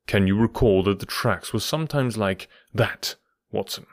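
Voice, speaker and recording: A man voicing a keen, commanding detective in an audiobook, eager and probing, sometimes dropping to a low murmur. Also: moderate pace, dry recording, studio quality, natural voice. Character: keen, commanding middle-aged male detective. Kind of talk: audiobook character voice.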